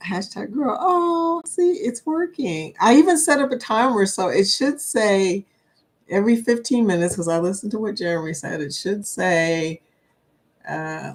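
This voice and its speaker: A woman hosts a live stream in a chatty, excitable way. She greets her viewers one by one and lets out whoops and laughs. Her pitch sits in the middle range for a woman. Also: unhurried. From Kentucky, USA. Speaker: livestream host. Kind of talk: casual live-stream chat.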